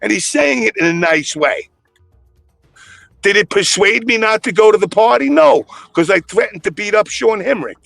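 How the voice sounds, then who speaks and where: A man's voice: high-pitched, lively intonation, normal speed, gravelly, a bit bright, no echo, faint music behind. A man in casual podcast chat, telling stories in a blunt, profane way.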